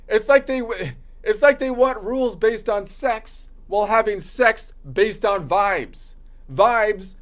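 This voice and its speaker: A man practicing stand-up jokes in a sarcastic, ranting delivery, slipping into mocking voices for the people he quotes. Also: sits high.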